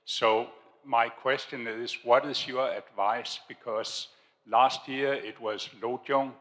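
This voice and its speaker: A man in the audience asking the teacher a question in a hesitant, halting way, searching for his words. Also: medium pitch, fairly even intonation, fairly bright tone. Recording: long hall reverb.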